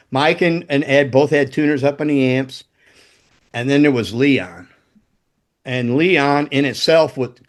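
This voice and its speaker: High-voiced man telling profane stories. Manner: profane, rambling anecdotes. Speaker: podcast guest, former rock roadie. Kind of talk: casual storytelling.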